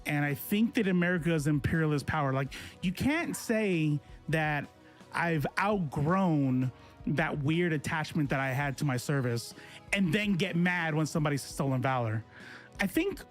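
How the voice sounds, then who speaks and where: A man in his forties, a political streamer, ranting to his chat in a confrontational, sarcastic way. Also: on the high side. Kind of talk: casual livestream rant to chat.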